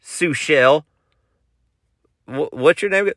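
A Southern-accented man spins a folksy, joking yarn with a voice that leaps up and down. His tone is bright and lively. He is recorded close and dry in a home studio. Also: a little high, normal speed, no echo. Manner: folksy, animated, joking, tall-tale delivery. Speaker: podcast host, country musician. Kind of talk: casual storytelling.

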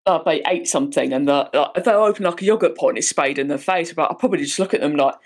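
A woman's voice: deep voice, fast talker, a little hiss or hum. A woman co-hosting a podcast, joking bluntly and swearing freely in casual chat. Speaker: podcast co-host.

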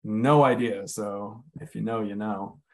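Male guest, conversational storyteller, blunt and unpolished, slows down for weight. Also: lowish voice, fairly even intonation. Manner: candid, swears freely, many "like" fillers. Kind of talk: casual storytelling chat.

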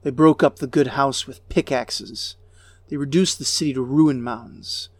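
Slow, solemn male narrator. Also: mid-range voice, fairly even intonation, no room sound. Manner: slow, grave, measured delivery. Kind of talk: solemn reading of an ancient lament.

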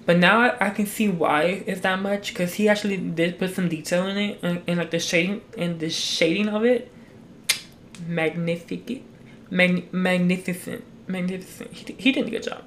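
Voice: mid-range voice, steady tone, fairly quick, hardly any pauses, a bit bright, a little hiss or hum. Rambling, foul-mouthed young podcast host. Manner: rambling, swears constantly, many restarts. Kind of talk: casual chat. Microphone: talking into a mic.

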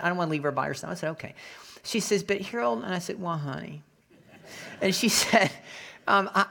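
A male pastor delivering a sermon, telling a personal story with animated acted-out voices. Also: fairly high pitch, creaky. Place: Florida.

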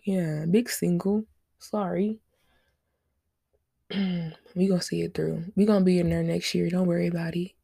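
Young woman host, AAVE, loose and joking, low husky gravelly voice, dry close sound. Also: fairly even intonation, moderate pace, long pauses, warm tone, dry recording. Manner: loose, joking, cusses and laughs. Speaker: podcast host. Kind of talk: casual solo podcast chat.

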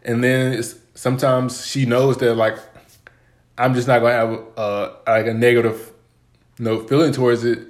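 A man co-hosting a podcast, telling relaxed rambling stories about his partner with lots of filler words. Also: mid-range voice, moderate pace. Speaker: podcast co-host. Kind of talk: casual podcast chat.

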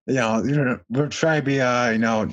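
Young male podcast host, mid pitch, rambling with fillers, slightly muffled remote line. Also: fairly even intonation, moderate pace. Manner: rambling, full of "you know" fillers. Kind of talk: casual chat.

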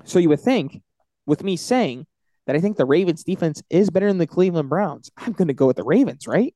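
A man co-hosting a casual sports podcast, animated and confident as he runs through his football picks. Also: fairly high pitch, fairly quick, no echo. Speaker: podcast co-host.

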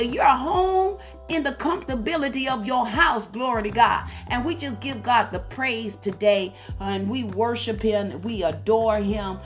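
A woman's voice: fairly high pitch, a little slow, few pauses. A woman minister preaching a fervent sermon, punctuated with frequent hallelujahs. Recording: faint music behind.

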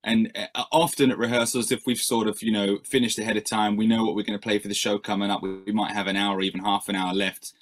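A man's voice: lowish voice, level tone, fast, hardly any pauses. A male musician answering interview questions in a rambling, self-deprecating way, with many fillers and restarts.

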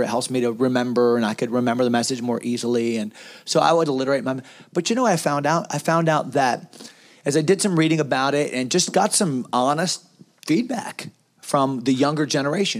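In a round-table talk on preaching, a pastor with a medium-pitched male voice speaks animatedly. He leans on rhetorical questions and frequently restarts his sentences.

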